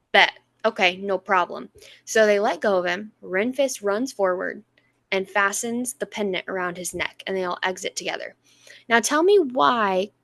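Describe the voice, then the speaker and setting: A woman co-hosting a podcast, retelling a book's plot in animated, casual chat with quick voiced asides. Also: mid-range voice, no room sound. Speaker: podcast co-host. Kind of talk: casual book-review chat.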